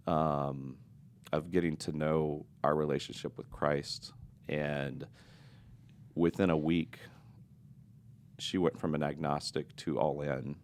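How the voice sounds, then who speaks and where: A middle-aged man telling his own story in an earnest, confessional and reflective way during a podcast interview. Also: a bass voice.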